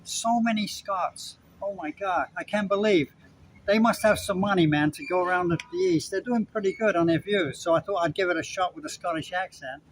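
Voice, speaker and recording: Older brit guy rambling at the camera, repeats himself a lot, voice a bit high for a man. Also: normal speed, slight background noise, poor audio. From Britain. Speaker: vlogger. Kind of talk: casual rambling chat to camera.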